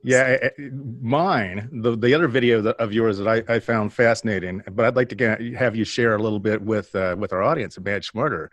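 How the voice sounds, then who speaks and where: A man's voice: fairly low pitch, brisk, hardly any pauses, no room sound. A man from the Midwest hosting a podcast, asking long, rambling, self-deprecating questions. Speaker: podcast host. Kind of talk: podcast interview.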